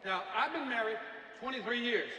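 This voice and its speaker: A man's voice: extremely high pitch, normal speed, very noisy. A middle-aged man giving a motivational speech, telling stories with jokes. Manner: energetic storytelling with jokes. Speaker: motivational speaker. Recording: echoey hall from far off.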